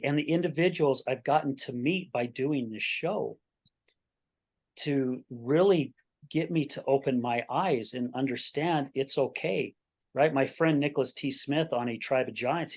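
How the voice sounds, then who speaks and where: A man in his sixties hosting a podcast interview, telling stories earnestly in casual chat, with frequent restarts and checking in with "right?". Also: mid-range voice. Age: 60s. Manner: earnest storytelling with many repeated starts and "right?". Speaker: podcast host.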